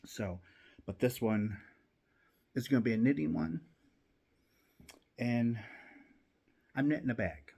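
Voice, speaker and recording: This is a man hosting a knitting channel who chats casually at home while his needles work. His voice is husky and breathy, a little low, and he takes his time. He rambles and restarts his sentences. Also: a little mellow. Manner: rambling, chatty, with many restarts.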